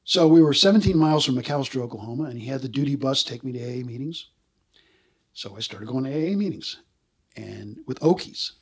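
A man in his sixties, a former Marine, telling lively stories in a casual interview and acting out other people's voices. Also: mid-range voice, brisk, husky. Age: 60s. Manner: animated storyteller who acts out other people's voices. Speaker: guest, former Marine combat artist.

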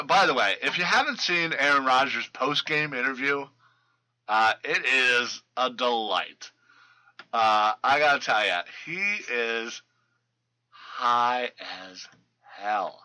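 A man's voice: medium pitch, expressive, slow, bright, forceful tone, poor audio. A man hosting a casual sports podcast, rambling through player news with lots of fillers and restarts. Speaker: fantasy football podcast host.

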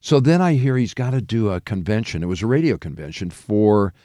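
A radio morning-show host, appearing as a guest, tells long rambling anecdotes full of fillers, restarts, and laughter in a casual chat. His voice is fairly low, mellow, and fairly quick, with lively intonation. The recording is dry and studio quality.

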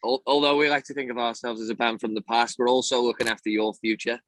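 A Northern English man chats as a band guest, joking about himself with an easy grin in his voice. His pitch is mid-range, and the sound is close and dry. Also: flat delivery, fast talker, a bit bright, dry recording. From north of England. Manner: joking, self-mocking. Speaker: band member. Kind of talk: casual interview.

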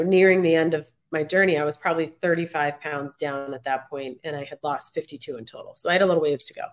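A woman hosting an interview podcast, casually explaining a method she developed. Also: low voice. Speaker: podcast host.

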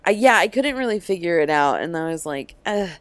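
Chatty young woman, lively pitch. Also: dry recording. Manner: animated, filler-heavy, quick asides. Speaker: podcast co-host. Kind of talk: casual chat.

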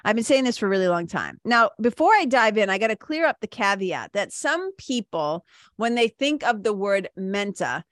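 A woman's voice: mid-range voice, big pitch swings, normal speed, a bit bright, no echo, clean studio sound. A middle-aged woman hosting her own podcast, talking casually, laughing often and swearing freely. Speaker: podcast host and spiritual mentor. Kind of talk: casual solo podcast talk.

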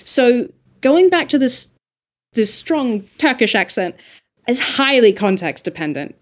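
A woman's voice: on the high side, very animated, measured pace. A woman dialect coach speaking as a podcast guest, thinking aloud in an earnest, emphatic way. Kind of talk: podcast conversation.

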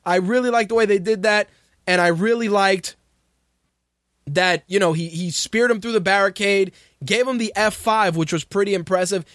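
A man with a fairly high voice rants through profane, exasperated show commentary. He is recorded dry and close with no room sound around him. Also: normal speed, a bit bright, dry recording. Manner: ranting, exasperated, swears freely. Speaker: radio show host.

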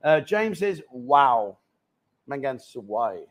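A man's voice: medium pitch, big pitch swings, slow. A man in his fifties hosting a live chat show, joking and teasing guests and viewers in casual banter. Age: 50s.

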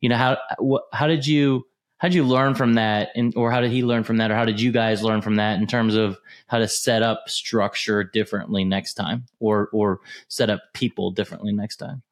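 A male podcast host with a somewhat low voice asks his guest questions. He circles around each point with fillers and restarts before he lands it, in an easy conversational tone. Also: steady tone, moderate pace. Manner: hesitant, many fillers and restarts while framing questions. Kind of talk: interview questions.

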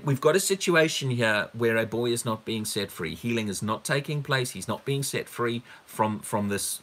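Emphatic preacher man with a bright voice. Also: mid-range voice. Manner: emphatic, repeats words for stress, asks rhetorical questions. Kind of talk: teaching sermon on a Bible passage.

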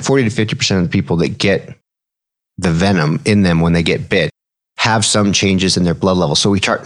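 Deep low voice guy, doctor type, casual podcast, clinical words mixed w slang. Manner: relaxed, explanatory, mixes medical terms with slang. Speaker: physician co-host. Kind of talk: casual podcast explaining medicine.

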